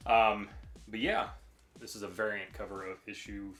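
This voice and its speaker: A man co-hosting a casual collecting video, talking in a relaxed, hesitant way with lots of ums. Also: lowish voice, normal speed. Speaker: co-host. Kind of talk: casual collection show-and-tell.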